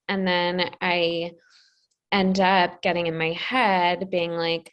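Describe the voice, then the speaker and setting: A woman's voice: lowish voice, expressive, a little slow, gravelly. A woman client on a video coaching call, talking in an anxious, rambling way full of fillers. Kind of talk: casual talk on a coaching call.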